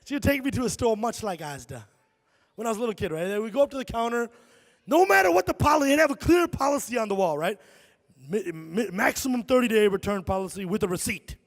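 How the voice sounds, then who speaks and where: Animated stand-up comic, high voice. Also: male voice, quick pace. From Chicago, USA. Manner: animated storytelling, frequent "right?" asides. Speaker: stand-up comedian. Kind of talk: live stand-up comedy. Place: concert hall stage. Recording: reverberant concert hall.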